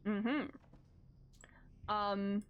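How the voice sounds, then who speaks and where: A woman's voice: mid-range voice, steady tone, extremely slow, clean tone, muffled recording. A woman streamer playing through a story game, reacting effusively and emotionally to what happens. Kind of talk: let's play commentary.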